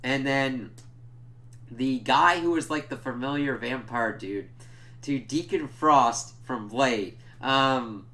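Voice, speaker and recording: A man's voice: mid-range voice, slow, sharp tone. Rambling man reviewing a TV episode. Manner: rambling, loose retelling with filler words and swearing. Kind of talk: casual spoiler review.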